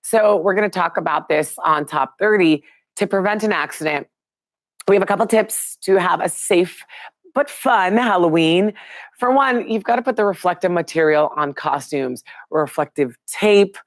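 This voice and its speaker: A woman's voice: on the low side, animated, normal speed, dry recording. Chatty woman hosting a live show. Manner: chatty and upbeat, reads out viewer names. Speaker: host of a live online show. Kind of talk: casual live-stream chat with viewers.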